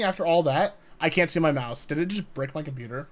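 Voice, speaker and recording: A young man chatting live on a game stream, excitable and swearing, laughing often and talking to his chat. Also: on the high side, fairly quick, few pauses.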